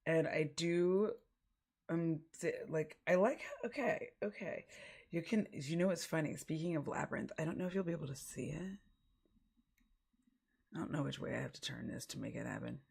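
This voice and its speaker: Low gravelly-voiced woman streamer. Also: moderate pace, darkish tone. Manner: rambling, giggly, full of fillers. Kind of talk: casual livestream chat.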